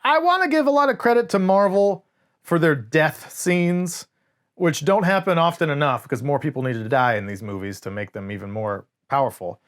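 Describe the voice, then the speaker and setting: A podcast co-host talks animatedly through a casual movie review, swearing often and quoting scenes in voices. He has a fairly high pitch and speaks at a normal speed.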